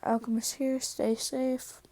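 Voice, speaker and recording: A tired woman tells a fan story in a casual, rambling way, full of "so" and "yeah." Her voice is mellow and somewhat high, and she talks slowly. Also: level tone, no echo.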